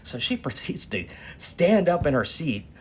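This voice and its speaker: A man casually telling a long story in a profane, animated way, tagging lines with "right?". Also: fairly high pitch, unhurried, slight background noise. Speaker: dream storyteller.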